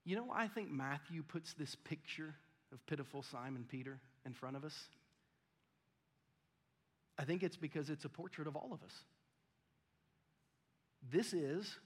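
A man's voice: fairly high pitch, lively intonation, a little slow, pauses often, breathy edge. A man preaching a sermon in a conversational style, often acting out the voices of the people in his story. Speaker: pastor. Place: church auditorium. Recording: long church hall reverb.

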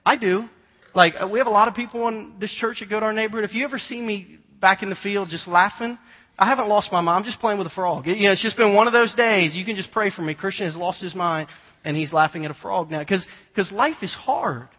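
A man preaches in a casual, storytelling way, his voice sitting a little high for a man. He is recorded in a large church hall with a long reverb trailing his words. The sound is dull and lo-fi. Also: fast talker. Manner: conversational storytelling, animated imitations of children. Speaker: pastor. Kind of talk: sermon.

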